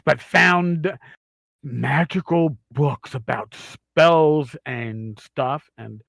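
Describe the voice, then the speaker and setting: A man's voice: fairly high pitch, very slow, gravelly, a bit bright, no room sound. A man with a Queens, New York accent hosting a podcast, telling profane, rambling stories in casual chat. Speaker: podcast host.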